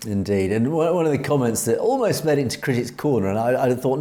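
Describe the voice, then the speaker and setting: Speaking fast with hardly any pauses, a European co-host with an English accent delivers emphatic opinions on a commentary talk show, reading viewer comments and frequently restarting phrases. His voice is mid-range, expressive, and warm.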